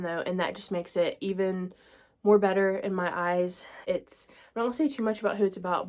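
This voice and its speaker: A woman's voice: mid-range voice, a little mellow. Chatty young woman, casual gushing book-review vlogger voice. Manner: chatty, gushing, many fillers like "like" and "y'all".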